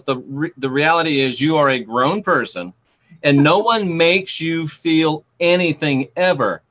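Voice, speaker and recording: A man's voice: on the high side, normal speed, fairly bright tone. A man hosting an interview, affirming his guest and asking probing questions. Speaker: host. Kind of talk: conversational interview.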